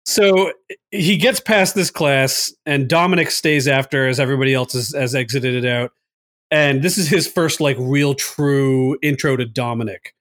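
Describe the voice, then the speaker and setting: A man recapping a movie in casual podcast chat, animated, laughing often and full of fillers. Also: medium pitch, normal speed. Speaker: podcast co-host.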